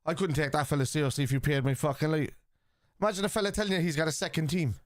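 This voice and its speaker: Sweary Irish football streamer, dry close mic. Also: male voice, a little high, rapid-fire, no echo. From Ireland. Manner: blunt, sweary, excitable shouts at goals. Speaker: football watchalong host. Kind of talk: live watchalong chat reacting to chat.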